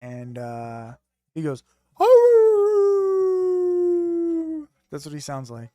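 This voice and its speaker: A man's voice: medium pitch, fairly even intonation, moderate pace, warm tone, clean tone, dry recording, lo-fi sound. A man streaming from home, chatting loosely with his viewers, joking and swearing casually. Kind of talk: casual chat with live viewers.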